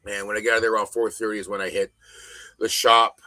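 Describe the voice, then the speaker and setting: A middle-aged man with a low voice and a hard, forceful edge, talking as a podcast guest. He rants bluntly and swears constantly, stressing words hard. The sound is close and dry. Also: flat delivery, fast talker, no echo, rough recording. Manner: blunt, heavily profane, emphatic ranting. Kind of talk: casual podcast conversation.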